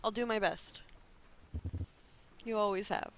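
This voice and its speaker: A man reading the lines of a gentle older father who soothes his grown daughter in a soft, reassuring way. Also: sits high, fairly even intonation, a little slow, gravelly, noisy background.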